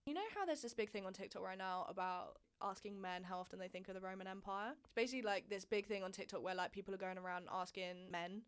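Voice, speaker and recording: A woman's voice: medium pitch, fast talker, few pauses, smooth. A young woman in her twenties, telling a frank personal story in a candid, chatty way with plenty of swearing and emphasis. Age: 20s. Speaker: vlog host.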